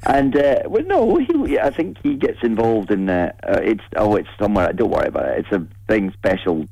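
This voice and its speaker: A man's voice: lowish voice, very animated, moderate pace, gravelly, warm tone, no echo, low-quality recording. A man with a cold, guesting on a radio show with dry, playful answers. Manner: self-deprecating, dryly playful. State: has a cold. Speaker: guest actor. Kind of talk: casual radio interview.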